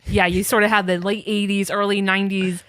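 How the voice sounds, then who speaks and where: A woman co-hosts a podcast, trading sarcastic, deadpan jokes in loose chat. Her voice sits mid-range, and the recording is dry and close. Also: mid-range voice, a little fast, smooth, no echo. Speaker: podcast co-host. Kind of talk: casual watch-along chat.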